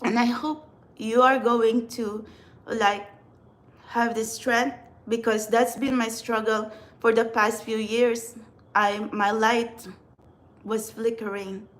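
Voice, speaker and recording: A Filipina woman with a Filipino accent, speaking in a fairly high voice as she chats to camera. She rambles earnestly and restarts her sentences often, like someone thinking out loud to her viewers. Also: little pitch movement, takes it slowly, pauses often. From Philippines. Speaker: tarot reader and spiritual channeler. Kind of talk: casual talk to camera.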